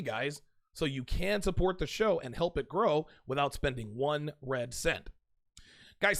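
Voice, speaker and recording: A man with a somewhat high voice lectures his audience directly as host of his own show. He is emphatic and forceful, and he hammers his points home by saying them twice. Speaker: podcast host. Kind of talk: direct-to-camera advice monologue.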